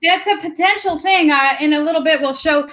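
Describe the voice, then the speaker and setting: A woman's voice: high voice, fairly quick, fairly bright tone. A middle-aged woman with a New York accent, co-hosting a casual livestream chat and laughing often. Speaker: livestream co-host.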